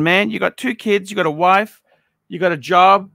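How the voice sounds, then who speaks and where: A man's voice: high voice, normal speed, gravelly, pushed and bright, no echo, clean studio sound. A middle-aged man giving a blunt, profane, ranting review of a viewer's watch collection. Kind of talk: unscripted paid review monologue.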